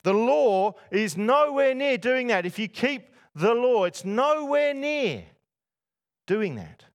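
Preaching to a masked church congregation, a man puts rhetorical questions to those listening. He speaks slowly in a very high voice, delivering it all very animatedly.

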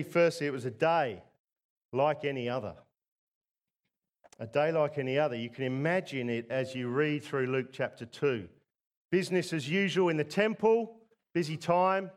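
A middle-aged man from England preaching a sermon in a conversational way, often asking the congregation rhetorical tag questions. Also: high voice.

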